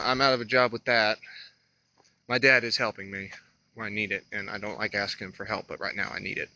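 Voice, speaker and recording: A man in his twenties from North Carolina with a slight lisp, talking to the camera while he walks outdoors, halting and hesitant, thinking aloud. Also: lowish voice, bright, forceful tone, highs cut off. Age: 20s. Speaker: vlogger. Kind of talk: rambling walk-and-talk vlog. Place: outdoors on a roadside walk.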